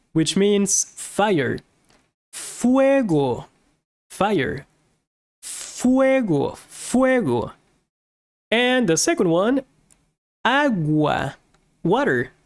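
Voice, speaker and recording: Female teacher, unhurried and patient, lively rising and falling delivery. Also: mid-range voice. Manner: slow, patient, repeats each word several times. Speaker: Spanish teacher. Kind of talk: language lesson, slow repetition drills.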